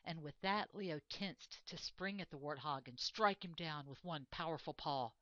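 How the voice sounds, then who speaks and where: Lady reading a kids' story, expressive, lowish voice, dry dull lo-fi sound. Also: no room sound. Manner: expressive, measured. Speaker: reader.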